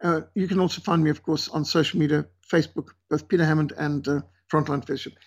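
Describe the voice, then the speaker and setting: Earnest husky missionary man. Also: on the high side, steady tone, fast, dull audio. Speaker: missionary leader. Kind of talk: radio interview guest.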